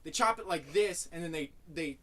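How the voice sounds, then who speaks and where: A young man telling a funny story among friends, animated, swearing a lot and acting out what he said back then. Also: a little high, moderate pace. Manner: animated, heavy swearing, acts out his own past lines. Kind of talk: casual comic storytelling.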